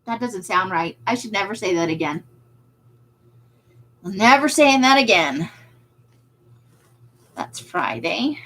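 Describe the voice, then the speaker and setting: A woman's voice: medium pitch, lively intonation, slow pace, pauses often, pushed and bright, slight background noise, poor audio. A woman who runs a craft shop, hosting a casual livestream and chatting with viewers. She is self-deprecating and laughs often.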